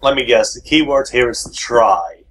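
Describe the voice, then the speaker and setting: A man's voice: medium pitch, lively intonation, a little slow, a bit bright, husky, low-quality recording. A man co-commentating a let's play, tossing in sarcastic quips and questions in casual chat.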